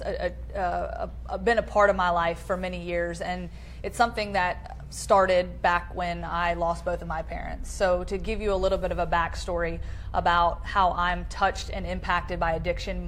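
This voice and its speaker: A woman in her thirties, an interview guest, telling a personal story in an earnest, halting way with many fillers, on a low-quality live-stream video. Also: fairly bright tone, slight background noise.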